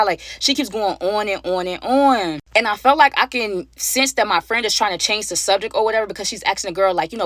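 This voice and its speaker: A woman telling a story time to her viewers, animated and slangy, talking straight to them. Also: medium pitch, brisk, hardly any pauses, dry recording, studio quality. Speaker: storyteller, channel host.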